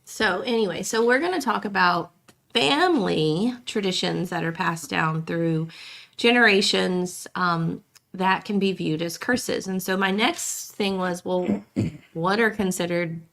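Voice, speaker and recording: Woman co-host, low gravelly voice, hoarse and coughing, rambles. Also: unhurried, fairly bright tone. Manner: rambling, many fillers and restarts. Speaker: podcast co-host. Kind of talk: casual chat.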